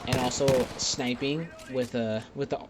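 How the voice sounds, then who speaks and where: A man's voice: medium pitch, steady tone, unhurried. A young man giving casual, rambling, profane commentary over his own gameplay clips as a voice-over. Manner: rambling, profane, laid-back. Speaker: gaming YouTuber. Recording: game gunfire noise underneath. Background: game gunfire and clicks.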